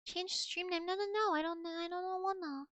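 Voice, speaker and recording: A young woman streaming, chatting in a giggly, mock-dramatic way. Her voice sits very high, and the sound is dry and close with no room around it. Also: steady tone, normal speed, a bit bright, dry recording. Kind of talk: casual chat reading old messages to chat.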